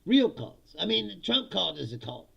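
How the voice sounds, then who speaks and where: A man's voice: sits high, very animated, normal speed, vocal fry, fairly bright tone, husky, dull audio. A man hosting a comedic political talk show, ranting casually, swearing and laughing often between lines. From United States. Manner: laughs often, swears, acts out voices of others. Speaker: host.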